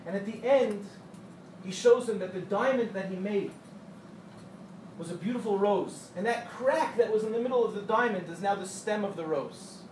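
A man teaching a Torah class to young women, telling parables with animated, acted-out quotes and light joking. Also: sits high, moderate pace. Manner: animated storyteller who acts out quotes and jokes with the audience. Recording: echoey room, distant mic, faint hum.

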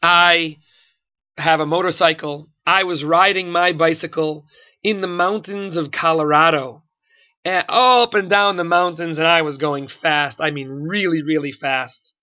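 A man's voice: a little high, fairly even intonation, measured pace, pushed and bright, highs cut off. A man telling of an earnest tattooed biker. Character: rough adult male biker pleading earnestly.

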